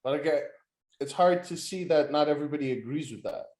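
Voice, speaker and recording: A man's voice: fairly high pitch, brisk, darkish tone. A man co-hosting a podcast, chatting casually and asking hesitant questions. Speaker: podcast co-host. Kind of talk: casual wrestling chat. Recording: roomy echo, off-mic.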